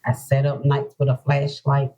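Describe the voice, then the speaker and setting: A woman's voice: very deep voice, completely flat delivery, normal speed, warm tone. A woman author from North Carolina talking earnestly about her own hard journey in an interview, often repeating herself for emphasis. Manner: earnest, repetitive, heartfelt. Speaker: author guest. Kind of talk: emotional personal interview talk. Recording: dull lo-fi podcast audio.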